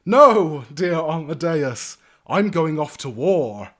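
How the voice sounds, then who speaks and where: A man doing a high, showy young nobleman. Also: sing-song, slow, fairly bright tone, exaggerated voice. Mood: affectionate. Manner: grand, theatrical and upbeat. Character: cheerful young male noble, boastful and naive.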